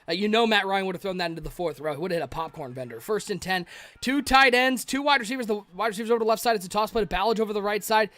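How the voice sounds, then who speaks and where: A man doing live play-by-play commentary of a video game football stream, with excitable calls on big plays and chatting with viewers between plays. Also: high voice, rapid-fire, no room sound.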